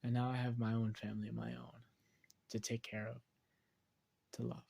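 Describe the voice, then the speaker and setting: A man's voice: mid-range voice, flat delivery, normal speed, gravelly, a little mellow. A man voicing an earnest young male ninja in a fan story. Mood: sincere.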